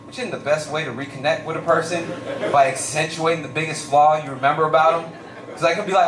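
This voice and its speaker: A young man with a fairly high voice tells stories animatedly on a comedy stage and keeps slipping into voices. He sounds roomy and far from the mic, and a faint hum of the venue sits behind him. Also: fast talker. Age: young adult. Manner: animated storytelling with lots of voices and shouts. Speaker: stand-up comedian. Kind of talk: stand-up comedy set.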